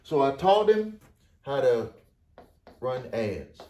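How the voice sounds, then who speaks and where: A man's voice: mid-range voice, big pitch swings, slow, darkish tone. A man coaching small business owners, telling a client story casually to camera, often repeating phrases for emphasis.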